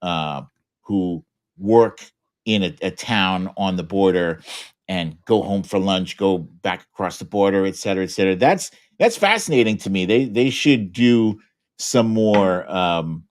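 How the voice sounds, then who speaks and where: A man talking as a guest on a political chat show, animated and often restarting his sentences. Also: deep voice, a little slow. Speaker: guest commentator.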